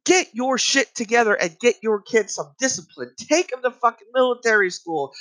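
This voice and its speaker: A man rants in a comedy bit, angry and exasperated, with swearing in almost every sentence. His voice sits high for a man. He sounds fed up and worked up throughout. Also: expressive, moderate pace, hardly any pauses, fairly bright tone, low-quality recording. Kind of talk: profane comedic rant.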